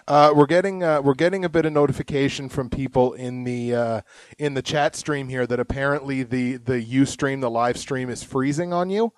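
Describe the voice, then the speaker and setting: A man's voice: medium pitch, moderate pace, smooth, dry recording. Chatty young man, dry close sound. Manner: chatty, laughs often, rambling. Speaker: podcast co-host. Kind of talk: casual live podcast chat.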